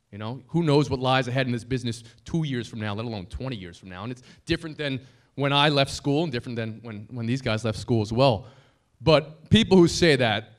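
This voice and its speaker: A man in his thirties speaks at a banquet podium, trading self-deprecating jokes for a room of colleagues. His pitch sits in an ordinary middle range. Between laughs he turns sincere and grateful. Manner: joking, self-deprecating storyteller; heartfelt, grateful tribute. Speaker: broadcaster giving a dinner speech. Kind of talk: anniversary dinner speech. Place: banquet hall dinner.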